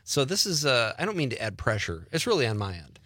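A man's voice: mid-range voice, big pitch swings, fast, pushed and bright, no echo, clean studio sound. A man hosting a radio talk show, chatting casually and laughing easily.

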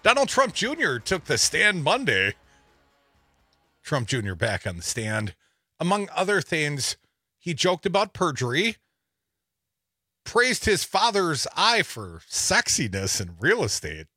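Wry, lively talk radio man. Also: on the high side, a little slow, long pauses, husky, no echo, studio quality, faint music behind. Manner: wry, laughs while reading. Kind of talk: sarcastic news commentary. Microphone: studio microphone.

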